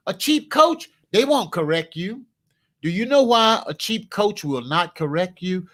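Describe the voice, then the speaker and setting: A man coaching an audience with a high, bright-toned voice. He speaks in an emphatic, preacher-like rhythm, hammering phrases again and again. He turns aside now and then to ask a helper to note his points. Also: animated, unhurried. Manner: emphatic, repetitive, preacher-like cadence; talks to a live helper during the talk. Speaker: business coach. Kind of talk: motivational coaching talk.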